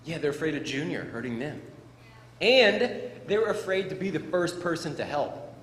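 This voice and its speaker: A middle-aged man giving a playful, animated storytelling speech to students as a motivational speaker, in a large school hall. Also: fairly high pitch, normal speed. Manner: animated, playful, acts out sound effects. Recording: echoey hall with faint room noise.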